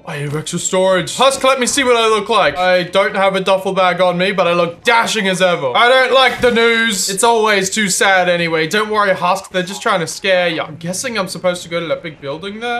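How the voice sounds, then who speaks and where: A man's voice: sits high, bright, forceful tone. A man hosting a let's play, playful and jokey, chatting to game characters as he goes. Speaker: gaming video host.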